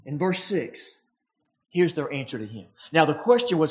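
A preacher giving a sermon in a conversational, animated manner, often restarting phrases and jumping up in pitch to act out the voices in the passage. The voice sits in a middle register. The recording is dull and lo-fi. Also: normal speed. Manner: animated, acts out the quoted voices in a higher pitch.

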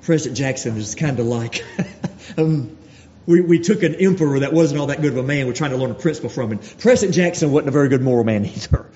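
A man preaching a sermon, earnest and full of rhetorical questions, dropping to quiet, slow lines for emphasis. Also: medium pitch. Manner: earnest, rhetorical questions, slows and drops to near-whisper for emphasis. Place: church sanctuary. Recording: dull recording with long hall reverb and faint noise.

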